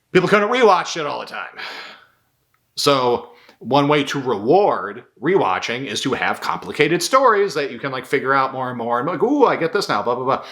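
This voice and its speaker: A man's voice: medium pitch, sharp tone. A man, a filmmaker and video host, giving casual film commentary in a rambling, profane style full of fillers.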